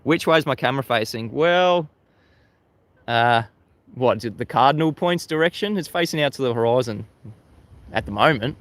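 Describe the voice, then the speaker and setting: Facing the sea at sunrise outdoors, an Australian man hosts a casual livestream, reading chat and chatting with viewers. He laughs often and repeats words as he restarts. His mid-range voice is expressive and a bit bright, at normal speed with frequent pauses and no room sound.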